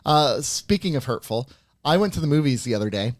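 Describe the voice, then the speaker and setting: A man's voice: mid-range voice, a little fast, no room sound, studio quality. A man co-hosting a podcast, telling stories in casual chat and acting out his own reactions. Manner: animated storyteller, acts out reactions. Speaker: podcast co-host.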